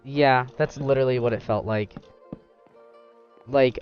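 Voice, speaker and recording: A young man hosts a casual gaming chat, rambling loosely and throwing in lively acted-out quotes. His voice comes through slightly muffled, with game music playing faintly underneath. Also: mid-range voice, unhurried, pauses often. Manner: animated, rambling, acts out quotes. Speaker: gaming channel host.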